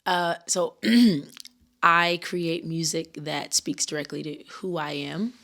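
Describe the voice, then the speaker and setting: Low, flat-voiced woman guest artist. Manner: measured, declarative self-description. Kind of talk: podcast interview.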